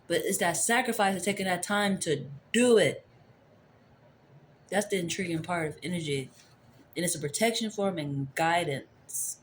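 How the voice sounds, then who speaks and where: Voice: mid-range voice, normal speed, a little hiss or hum. An adult tarot reader giving a casual, rambling spiritual reading into a phone camera, returning to the same phrases. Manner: rambling, repeats favorite phrases.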